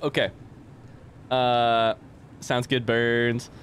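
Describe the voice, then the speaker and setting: A man's voice: mid-range voice, little pitch movement, very slow, a bit bright, a little hiss or hum. A young man doing live let's-play commentary, chatting with viewers and reading game text aloud.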